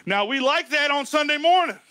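A man preaching a sermon as a pastor, emphatic and folksy, swinging between loud lines and hushed ones. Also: very high voice, expressive, brisk. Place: church sanctuary.

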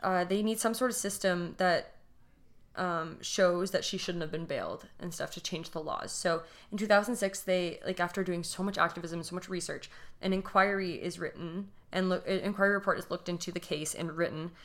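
Young female podcast co-host, low-ish voice, emotional storyteller who trails off mid-sentence. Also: a little fast. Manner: emotional, restless retelling with many fillers and trailing-off phrases. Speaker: podcast co-host telling a true crime case. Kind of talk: casual podcast chat.

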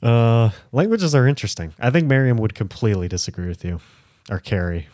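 A man's voice: mid-range voice, lively intonation, a little fast, darkish tone, no echo, clean studio sound. A man co-hosting a podcast, rambling in casual chat with lots of filler words. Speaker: podcast co-host.

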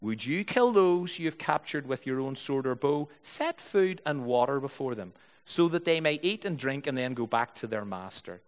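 A preacher reading as a calm old prophet. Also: male voice, medium pitch, moderate pace, close to an everyday voice.

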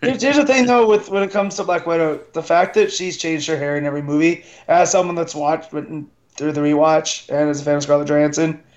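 A man co-hosting a casual film podcast, relaxed and agreeable, talking loosely with many fillers. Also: on the high side, brisk, hardly any pauses, dull audio. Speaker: podcast co-host. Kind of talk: casual film-discussion chat.

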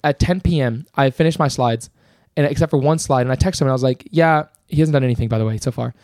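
A man's voice: mid-range voice, fast, no room sound, clean studio sound. A young man co-hosting a podcast, telling a long story in casual chat with lots of fillers and restarts. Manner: rambling, animated storyteller full of fillers. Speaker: podcast co-host.

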